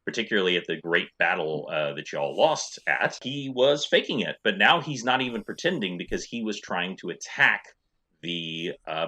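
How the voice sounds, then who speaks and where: A man running a tabletop game as game master, narrating scenes in a relaxed way with many fillers. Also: low voice. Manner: descriptive, relaxed with frequent fillers.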